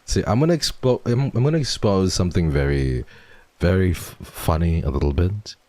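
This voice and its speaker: A man chatting playfully on a livestream, teasing viewers and swearing freely as he reads donations, jumping between loud bursts and hushed murmurs. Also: low voice, expressive, moderate pace, no echo. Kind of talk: casual livestream chat, reading donations.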